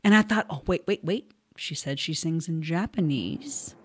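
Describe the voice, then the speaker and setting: A woman's voice: sits low, animated, moderate pace, slightly rough. A woman hosting a podcast, chatting in an upbeat, casual way and wrapping up with easygoing swearing. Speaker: podcast host. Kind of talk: casual interview chat.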